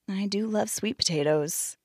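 A woman voicing a cautious, gentle male tortoise in a storybook tale, soft and hesitant. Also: medium pitch, measured pace, no echo, studio quality. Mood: wary.

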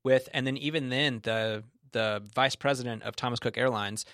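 A man's voice: mid-range voice, steady tone, moderate pace, a bit bright, no room sound. A man with a mid-range voice recounts a chaotic trip in casual conversation. He rambles, breaks off and restarts his sentences. The recording is dry and close. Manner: rambling, restarts often, laughs along. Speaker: guest telling a travel story. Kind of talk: casual chat.

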